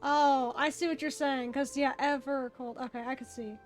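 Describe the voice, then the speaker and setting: High-pitched girl streamer just rambling about her game, says bro a lot, little music in the back. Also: steady tone, normal speed. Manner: rambling, laughs often, fillers like "bro". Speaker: streamer playing an online game. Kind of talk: casual livestream chat.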